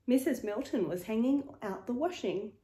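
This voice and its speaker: A woman reading a children's picture book aloud in a slow, expressive, rhythmic way. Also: on the high side. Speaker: storyteller. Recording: echoey room.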